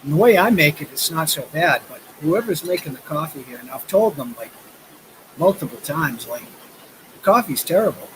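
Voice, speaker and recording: A man's voice: on the high side, animated, moderate pace, a bit bright, slight background noise, rough recording. A man in his fifties chatting casually on a live stream, rambling through stories with lots of fillers. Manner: rambling storytelling with frequent fillers. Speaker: vlogger. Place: outdoors by a river.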